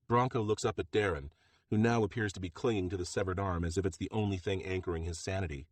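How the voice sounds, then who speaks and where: Low-voiced male audiobook narrator. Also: no room sound. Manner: steady, measured storytelling. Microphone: close studio mic.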